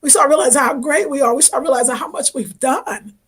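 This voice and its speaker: A woman's voice: high-pitched, brisk. A woman hosting a casual livestream, thanking viewers by name in an effusive, affectionate way, her voice wavering with emotion at times. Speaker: livestream host reading viewer comments.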